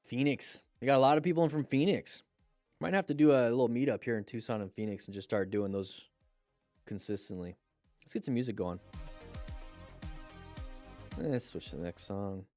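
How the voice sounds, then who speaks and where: A man's voice: mid-range voice, normal speed, long pauses, a little mellow, faint music behind. A man hosting a casual livestream as a riding instructor, upbeat and chatty, greeting viewers by name and reading out comments.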